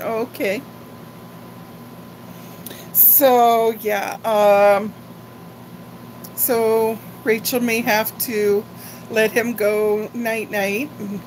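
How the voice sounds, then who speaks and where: A woman's voice: medium pitch, slight background noise, poor audio. An older woman chatting casually and rambling on a live-stream haul video, talking like a grandmother. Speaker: vlogger.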